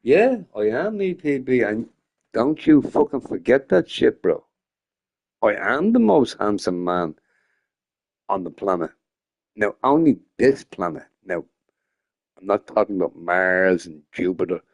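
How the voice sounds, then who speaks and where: A man's voice: fairly low pitch, very animated, measured pace, pauses often. A young man chats off the cuff on a gaming live stream. He rambles and swears freely, and his voice swings widely up and down as he talks. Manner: rambling and profane, often laughing. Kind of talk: casual live-stream chat.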